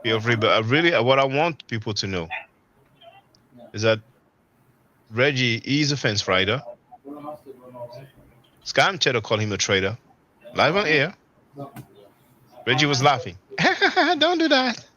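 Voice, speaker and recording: A man's voice: mid-range voice, animated, a little slow, pauses often, sharp tone, muffled recording, a little hiss or hum. A man hosting a live online panel, rambling in casual commentary with many fillers and mocking quotes of others. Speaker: livestream panel host.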